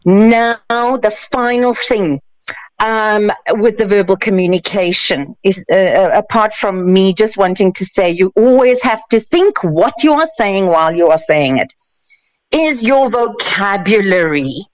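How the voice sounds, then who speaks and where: A woman's voice: medium pitch, expressive, measured pace, no echo, rough recording. A woman, a life coach giving emphatic, playful advice on a radio show. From South Africa. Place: radio studio.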